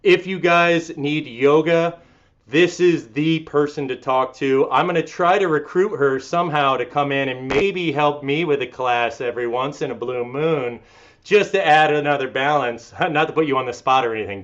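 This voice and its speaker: A man leading a fitness class from his apartment, calmly counting through stretches and breaths, then thanking members in a sentimental, upbeat way. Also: mid-range voice. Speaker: fitness instructor. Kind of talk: guided cool-down and live class sign-off. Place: apartment home studio. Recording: dull lo-fi sound.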